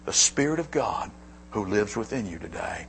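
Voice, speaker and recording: Husky preacher swinging between hush and shout. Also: male voice, fairly low pitch, expressive, moderate pace. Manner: dramatic swings from hushed asides to raised, emphatic declarations. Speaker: pastor. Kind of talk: sermon.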